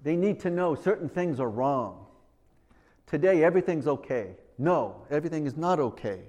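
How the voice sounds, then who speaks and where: A man's voice: fairly high pitch, animated, normal speed, a little mellow. A man preaching a sermon in an earnest way, often repeating himself and acting out little conversations.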